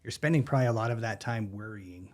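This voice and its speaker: A man's voice: on the low side, fast. A man in his thirties, a gym member and podcast guest, chatting casually and laughing easily. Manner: relaxed, easygoing, laughs often. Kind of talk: casual interview chat.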